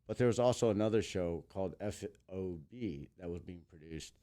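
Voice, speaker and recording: Low, mellow-voiced man telling stories. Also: normal speed. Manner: animated, acts out quotes in big voices. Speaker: guest, entertainer. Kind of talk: casual interview storytelling.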